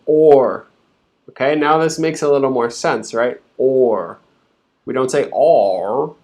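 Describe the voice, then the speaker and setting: A man with a fairly high-pitched voice gives an English pronunciation lesson over a live stream, patiently dividing words into sounds and repeating each for learners to follow.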